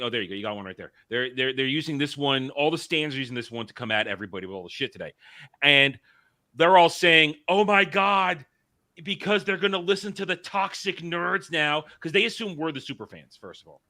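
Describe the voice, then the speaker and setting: A man with a bright, mid-pitched voice sits on a podcast panel in casual chat. He tells stories in an animated way and laughs often.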